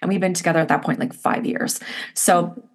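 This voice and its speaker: A middle-aged woman, an interview guest, telling a personal story in an animated, expressive way with lots of "like" fillers. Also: fairly low pitch, a little fast.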